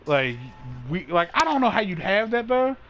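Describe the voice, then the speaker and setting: A man hosting a casual podcast chat, telling a long story in a rambling, animated way, full of "like" and restarts. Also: high voice, normal speed, slight background noise, rough recording. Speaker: host.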